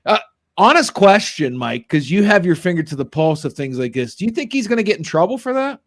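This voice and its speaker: A man hosting a sports talk show in casual, rambling chat. His voice sits a bit high for a man. He talks in an animated way and laughs easily. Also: a little fast. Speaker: podcast host.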